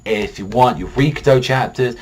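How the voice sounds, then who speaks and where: A man's voice: mid-range voice, normal speed, breathy edge. A young man casually reviewing a manga chapter in a rambling, profane, worked-up way.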